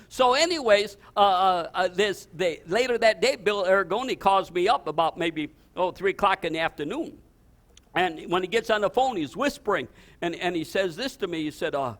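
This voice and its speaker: An older man, a pastor, preaching a storytelling sermon in an animated way, with many restarts and rising exclamations. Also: high-pitched, moderate pace.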